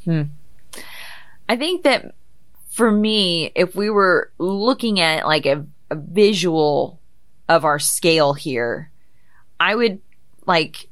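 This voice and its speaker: A woman's voice: on the low side, lively intonation, takes it slowly, long pauses, a bit bright, no room sound. A woman co-hosting a podcast, chatty and teasing in casual talk. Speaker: podcast co-host. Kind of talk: casual chat.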